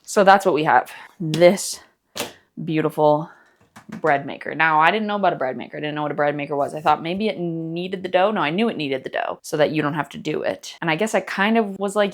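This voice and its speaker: A woman's voice: deep voice, fairly quick. Goofy, rambling woman vlogger. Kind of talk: casual cooking vlog. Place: home kitchen.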